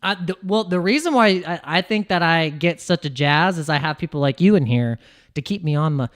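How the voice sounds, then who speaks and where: An American man rambling through casual livestream chat as a crypto streamer, with lots of restarts and quick jumps in pitch. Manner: rambling, restarts, laughs, animated swings in pitch.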